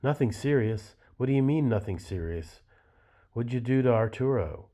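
A man's voice: on the low side, moderate pace, dark tone, lightly acted. A man voicing an angry, cursing middle-aged husband in a novel reading. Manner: gruff, cursing, indignant. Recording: dull lo-fi recording.

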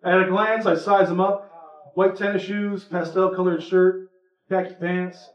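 A man at a live reading, reading a personal story aloud in a relaxed, conversational way. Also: high-pitched, measured pace. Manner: relaxed, conversational, a few fillers between parts. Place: indoor reading event. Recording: echoey room, from far off, muffled.

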